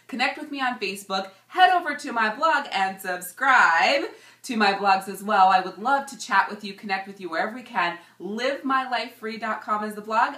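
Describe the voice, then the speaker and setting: A woman in her thirties giving an energetic, emphatic motivational talk as a coach and vlog host. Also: mid-range voice. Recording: echoey room.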